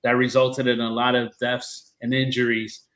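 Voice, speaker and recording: A man co-hosting a paranormal chat show talks in an easygoing way at a middle pitch. He fills his explanations with plenty of ums and uhs. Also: flat delivery, moderate pace, a bit bright, low-quality recording. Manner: easygoing, filler-laden. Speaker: co-host. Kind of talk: casual chat.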